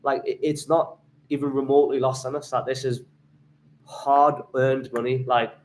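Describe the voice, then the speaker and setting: An excitable young man from England chats on a travel livestream, stumbling over his words with fillers and restarts as he reads out donations. His voice sits at a middle pitch, and a faint hum of room noise runs underneath. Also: normal speed, rough recording. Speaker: travel vlogger hosting a livestream. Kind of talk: casual livestream chat.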